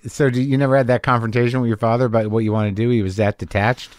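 A man's voice: mid-range voice, flat delivery, very fast, a little mellow, dry recording. A man hosting a casual podcast interview, asking probing questions with dry wisecracks. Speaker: podcast host. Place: garage studio.

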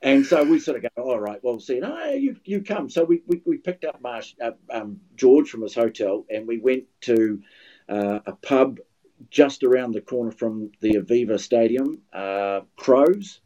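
This older New Zealander, a guest commentator on a podcast, tells anecdotes in casual conversation and keeps restarting his sentences. His medium-pitched voice is mellow and a little slow, and the audio sounds lo-fi.

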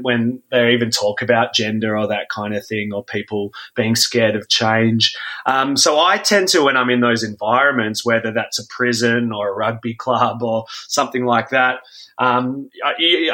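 A man, a guest facilitator talking loosely in a casual podcast chat with many ums. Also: mid-range voice. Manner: relaxed, loose, often says 'um'. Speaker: guest, men's group facilitator.

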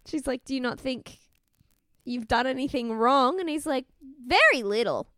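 A woman's voice: sits high, moderate pace, no echo, clean studio sound. A woman co-hosting a podcast, casually recapping a TV show, laughing and acting out the people she quotes. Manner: chatty, laughing, quotes people in animated voices. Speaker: podcast co-host.

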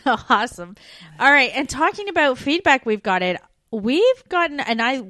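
A woman co-hosting a travel podcast, relaxed and easygoing, with a slightly high voice. The sound is dry and close to the mic. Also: measured pace, no echo. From Canada. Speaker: podcast co-host. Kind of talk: casual chat.

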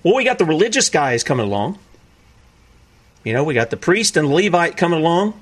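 Sex: man. Style: animated, high-voiced preaching commentary. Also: brisk, slightly rough. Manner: incredulous and animated, acts out other voices. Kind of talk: preaching commentary on played clips.

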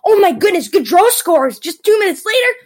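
Very high-voiced, excitable woman fan. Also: fairly quick, low-quality recording. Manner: excitable, teasing, exclaims often. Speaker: hockey fan recapping a game. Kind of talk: playful sports recap monologue.

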